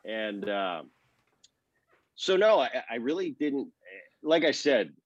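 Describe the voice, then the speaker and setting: A man's voice: mid-range voice, slow, dry recording. A man in his fifties, a former ballplayer, telling stories in an interview and acting out the dialogue. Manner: animated storyteller, acts out quoted dialogue. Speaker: former baseball player, guest. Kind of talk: relaxed storytelling interview. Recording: dry, slightly dull sound.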